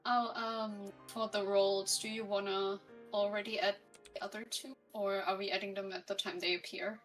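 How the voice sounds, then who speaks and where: Female streamer co-host, bright, giggly, casual chat over faint music. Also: mid-range voice, level tone, normal speed. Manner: giggly, bubbly.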